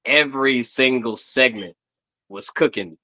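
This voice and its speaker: Male co-host, laid-back, sharp bright tone, dull lo-fi dry recording. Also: medium pitch, a little slow, no echo. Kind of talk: casual wrestling chat. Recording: dull lo-fi mic.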